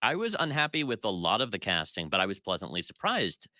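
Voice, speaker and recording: A man with a very low voice that still cuts through with a bright, forceful edge. He co-hosts a casual pop culture podcast and critiques at length, opinionated and full of fillers. The sound is dry and close. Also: wildly swooping pitch, fast talker, dry recording. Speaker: podcast co-host.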